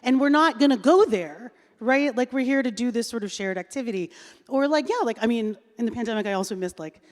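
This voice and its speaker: Woman, 30s, panel moderator; reflective and casual, slightly high voice. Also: expressive, brisk, darkish tone. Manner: chatty, reflective, many fillers. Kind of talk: live panel discussion. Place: large hall on stage. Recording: reverberant hall.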